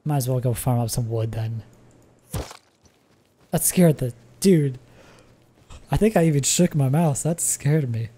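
A woman giving live gameplay commentary as a streamer, excitable, swearing and laughing often. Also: very deep voice, unhurried, long pauses, slightly rough. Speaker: gaming streamer.

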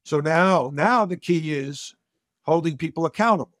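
A middle-aged coach speaking emphatically, often repeating a word as he launches into a point. His voice sits a bit high for a man. The recording is dry and close, with no room sound. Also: moderate pace, fairly bright tone, no echo. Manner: emphatic, repeats words when starting a thought. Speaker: coach and corporate speaker, podcast guest. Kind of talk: conversational interview storytelling.

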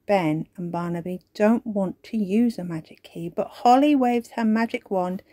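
A woman reading a children's story aloud in a slow, expressive storybook manner. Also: lowish voice, no room sound. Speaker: storytime reader.

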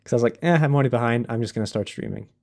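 A man's voice: mid-range voice, very fast, gravelly, a little mellow. A man streaming a game live, chatting casually, laughing often and answering his chat as he plays.

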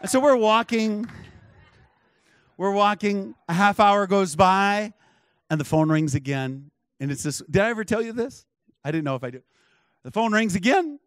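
A man's voice: high-pitched, lively intonation, normal speed, pauses often, dry recording. A man preaching a sermon in a conversational, storytelling way, full of asides to the congregation. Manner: conversational, many asides and checks with the crowd. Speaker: pastor. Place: church.

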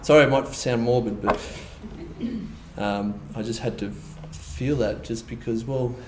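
A man preaching a sermon in a roomy, echoing church, with a faint hiss under his voice. He talks in an easy, conversational way and slips into lively mock quotes to make his points. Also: mid-range voice, unhurried. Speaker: pastor. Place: church hall.

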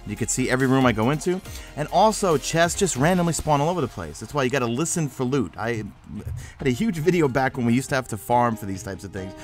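Rambling New York gamer, fast talk. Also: male voice, medium pitch, soft background music. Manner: rambling, energetic, self-mocking. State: sleepy. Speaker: gaming YouTuber. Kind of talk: game walkthrough commentary.

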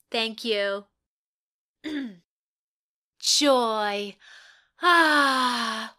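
A woman's voice: fairly high pitch, pushed and bright, exaggerated voice. A woman playing an eager young actress. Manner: eager, dramatic, swings from whispers to outbursts. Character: hopeful young actress at an audition. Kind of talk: audio play monologue.

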